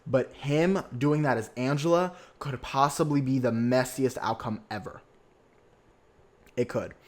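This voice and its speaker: A young man hosting a podcast, recapping a reality show in a sassy, excitable way with lots of slang and swearing. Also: medium pitch, measured pace. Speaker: podcast host.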